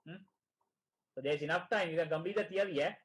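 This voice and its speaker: High-voiced man tutoring, repeating "right?". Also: fast talker, poor audio. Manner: keeps asking "right?" and repeats phrases. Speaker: exam prep tutor. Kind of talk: online teaching session.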